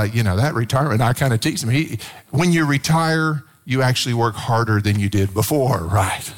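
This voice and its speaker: Lively pastor preaching a sermon. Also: male voice, mid-range voice. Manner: storytelling with playful acted quotes, emphatic swells.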